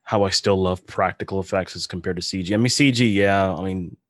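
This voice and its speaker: Low-voiced guy hosting a podcast, laughs a lot, swears, dry sound. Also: fairly quick, dry recording. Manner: animated storyteller, laughs often, swears. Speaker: podcast host. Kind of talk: casual chat.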